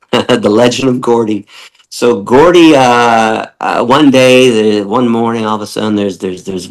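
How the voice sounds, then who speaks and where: A middle-aged man telling a long story as a podcast guest, animated, often repeating words and acting out the people he quotes. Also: medium pitch, vocal fry, low-quality recording.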